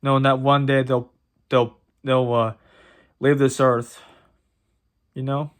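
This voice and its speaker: A man speaking straight to his viewers in a home vlog, his voice sitting at an ordinary middle pitch. He is tearful and halting, stumbling over and repeating words as he pushes through. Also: little pitch movement. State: tearful, emotional. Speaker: vlogger. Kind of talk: personal vlog talk to camera.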